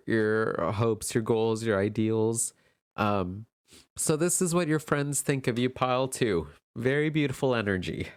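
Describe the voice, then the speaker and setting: A man giving a gentle, affirming pick-a-card tarot reading, tearful and emotional as he talks. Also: medium pitch, clear, resonant tone, no room sound, clean studio sound. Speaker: tarot reader.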